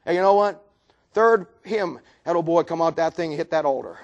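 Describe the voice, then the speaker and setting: An older man preaching a sermon with fervent, dramatic storytelling that swings from loud to hushed. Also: on the high side, brisk, lo-fi sound.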